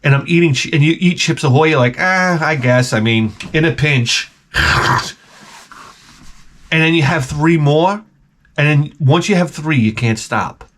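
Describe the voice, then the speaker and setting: A man's voice: fairly high pitch, a little slow, long pauses. Rambling profane middle-aged man. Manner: rambling, profane, animated storytelling with restarts. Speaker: vlogger. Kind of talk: profane comic rant.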